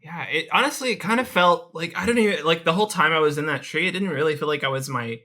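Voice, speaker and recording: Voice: medium pitch, quick pace, pushed and bright. A player of a tabletop game, talking in a rambling, casual way. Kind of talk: in-character tabletop play.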